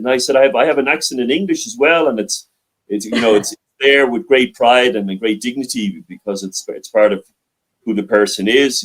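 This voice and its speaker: A middle-aged man with a mild Dublin Irish accent and a somewhat low voice. He answers interview questions over a video call from a library, often stopping to restart and repeat his words. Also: fairly bright tone, poor audio. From Ireland. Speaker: guest. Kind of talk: interview conversation.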